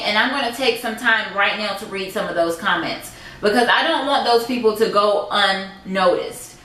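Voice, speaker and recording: A woman's voice: medium pitch, normal speed, few pauses, a bit bright. A woman vlogging about her own life, speaking indignantly and emphatically and repeating phrases for force. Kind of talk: emotional personal vlog. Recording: echoey room.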